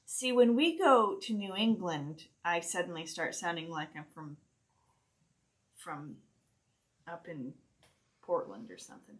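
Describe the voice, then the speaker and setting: A woman from Ohio, hosting a craft live stream and chatting in a relaxed, self-deprecating way as she stitches. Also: fairly low pitch, a little slow, pauses often. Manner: relaxed, self-deprecating, talks while sewing. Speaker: host demonstrating stitching. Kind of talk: casual live-stream chat while crafting.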